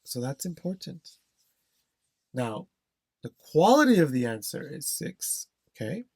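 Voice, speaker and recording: A man's voice: a little high, big pitch swings, measured pace, creaky, darkish tone, breathy edge, no echo. A man teaching an exam-prep lesson, stressing key phrases, repeating them and checking in with "okay?". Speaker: English test instructor.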